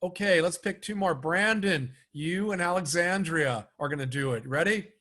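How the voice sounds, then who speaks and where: A man's voice: sits high, normal speed, pushed and bright. A man leading a live online sales training, coaching and urging participants on over a video call.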